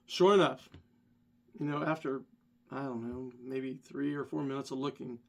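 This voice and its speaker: A man vlogger casually telling a rambling story, animated and self-deprecating. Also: medium pitch, normal speed, gravelly.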